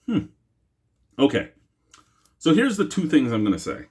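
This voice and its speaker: A deep-voiced man hosts a casual beer review vlog, rambling chattily and joking at his own expense. His pitch swoops wildly while his pace stays measured, and his tone is darkish and slightly rough. A camera mic, not a lapel mic, records him.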